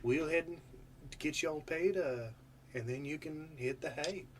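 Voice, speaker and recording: A man's voice: on the high side, measured pace, slight background noise, voice pushed up, lightly acted. A man voicing an old, friendly small-town mayor, trying for an Irish accent that slips. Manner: attempted Irish accent drifting to a folksy drawl.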